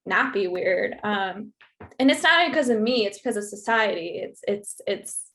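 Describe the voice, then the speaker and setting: A woman guest on a podcast talking casually, halting often with "like" and "um" as she searches for words. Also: mid-range voice, animated, a bit bright. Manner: halting, full of "like" and "um". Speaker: podcast guest, retreat host. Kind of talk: casual conversation.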